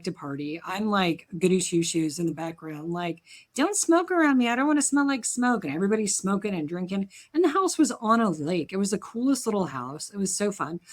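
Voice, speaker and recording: A woman in her forties co-hosting a podcast, telling stories in an animated, jokey, emphatic way. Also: fairly low pitch, fairly quick. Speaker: podcast co-host. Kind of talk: casual storytelling chat.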